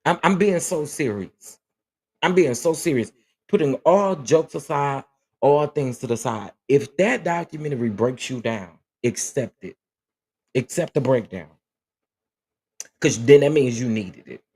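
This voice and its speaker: A man's voice: medium pitch, lively intonation, a little slow, a little mellow, husky. A man hosting a casual livestream chat, talking earnestly and emotionally, often repeating himself as he answers viewers. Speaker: livestream host.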